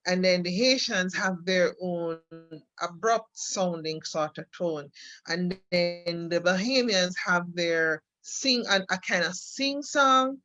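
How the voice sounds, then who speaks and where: A woman's voice: lowish voice, slow pace, pushed and bright, dull audio, faint music behind. Jamaican woman explaining with examples. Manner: explains with examples, repeats words. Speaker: co-host. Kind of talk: casual chat.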